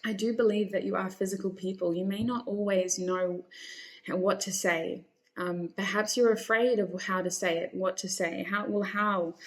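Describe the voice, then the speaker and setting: A woman talks straight to her viewers as she reads their tarot cards, reassuring and encouraging them. Her voice sits at a middle pitch for a woman, and she sometimes calls her listeners honey. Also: steady tone, moderate pace. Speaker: tarot reader. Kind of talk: encouraging tarot reading to camera.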